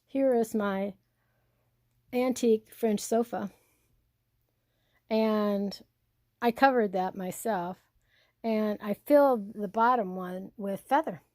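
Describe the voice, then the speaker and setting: A woman's voice: mid-range voice, slow, long pauses, darkish tone, no room sound, studio quality. An older woman and blogger chatting in a rambling, storytelling way while showing her home. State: hard of hearing. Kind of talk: casual home tour vlog.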